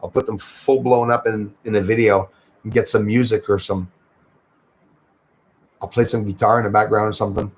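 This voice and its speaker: A man's voice: fairly low pitch, fairly even intonation, moderate pace, long pauses. A man with a Québécois French accent, casually chatting with viewers and thanking them by name on his livestream. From Quebec, Canada. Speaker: livestream host. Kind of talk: casual livestream chat reading comments.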